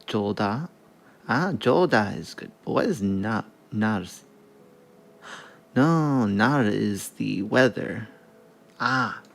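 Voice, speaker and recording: Slow low-ish guy muttering through his study stream, fixing himself, cussing now and then. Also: gravelly, fairly bright tone. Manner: muttering, self-correcting, swears casually. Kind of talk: casual study stream, thinking aloud.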